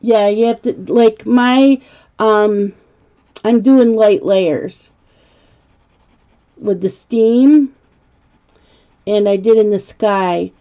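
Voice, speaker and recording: A middle-aged woman chats casually on a live stream as she colors, reading viewer comments aloud and laughing often. Her voice is mellow and unhurried. The audio is slightly muffled and lo-fi. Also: medium pitch.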